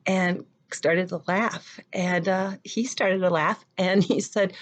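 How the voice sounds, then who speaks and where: A middle-aged theater professor with a fairly low voice tells a personal story in an animated, conversational way at a measured pace with few pauses. She acts out every exchange, her pitch leaping up whenever she quotes someone.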